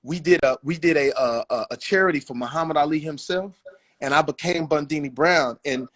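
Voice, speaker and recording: A man as a guest on a livestream chat, telling animated stories and acting out the people in them. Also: fairly high pitch, a little fast. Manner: animated storyteller, acts out others. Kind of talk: casual storytelling chat on a livestream.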